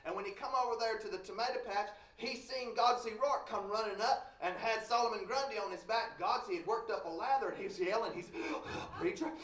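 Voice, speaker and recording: Guy spinning a folk tale live, high voice, big echoey hall. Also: quick pace, few pauses, a bit bright. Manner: folksy, joking asides to audience. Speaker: storyteller. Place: conference hall. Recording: roomy hall, distant mic.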